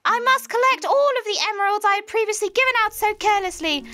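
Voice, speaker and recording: A woman's voice: very high-pitched, fast talker, bright, forceful tone, pitched above the performer's own voice. A woman voicing a grieving, power-hungry mad male scientist in a theatrical witchy voice. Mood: furious ranting. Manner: theatrical witchy cackling delivery.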